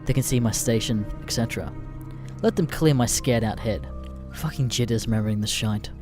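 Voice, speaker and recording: A man narrating an internet horror story in a deadpan, profane way. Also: medium pitch, brisk, music in the background. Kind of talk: scripted narration of internet stories.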